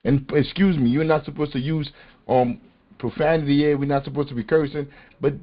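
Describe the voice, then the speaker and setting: A man's voice: on the high side, fairly even intonation, fairly quick. A man hosting a political podcast, talking in an impassioned, emphatic and street-casual way. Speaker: podcast host. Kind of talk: passionate political talk. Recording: muffled lo-fi call audio.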